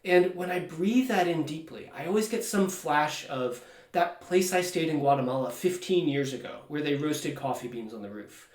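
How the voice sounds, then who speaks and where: A middle-aged man coaching on well-being in a relaxed, self-deprecating way, his voice rising and falling a lot. He sits back from the mic, so the room rings around him. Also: a little high, normal speed, few pauses. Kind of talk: calm personal talk to camera. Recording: echoey room, mic at a distance.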